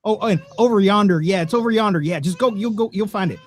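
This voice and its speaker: A man's voice: high voice, quick pace, pitched above the performer's own voice, natural voice. A man impersonating an older man who is cheerful and folksy, speaking with a Southern US country twang. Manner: folksy, polite drawl.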